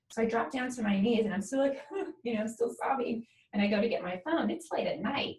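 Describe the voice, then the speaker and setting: A woman hosting a talk show, telling a candid and emotional personal story and often checking in with "right?". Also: medium pitch. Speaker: podcast host. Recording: echoey room, mic at a distance, faint noise.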